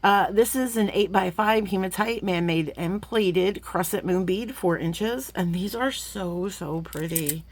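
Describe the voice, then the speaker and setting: A woman, chatting warmly to viewers as she gushes over beads in a casual unboxing vlog. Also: mid-range voice, measured pace, hardly any pauses, no echo. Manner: chatty and gushing, talks to viewers as friends; sometimes drops to a playful whisper. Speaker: jewelry-making vlogger.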